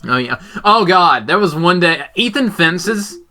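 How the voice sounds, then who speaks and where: A man's voice: high voice, animated, measured pace, a crowd in the background. A young man hosting a casual podcast, full of crude jokes and banter. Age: young adult. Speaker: podcast host.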